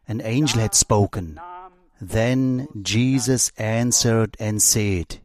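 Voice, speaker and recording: A man preaching a sermon, reading scripture aloud in a deliberate, measured way. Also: on the low side, darkish tone.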